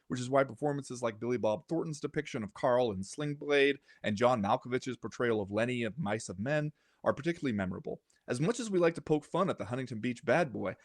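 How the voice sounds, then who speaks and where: Male podcast co-host, mid pitch, wry reader of listener mail, dry close sound. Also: no echo. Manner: reads listener comments aloud, wry and animated. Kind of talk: casual chat.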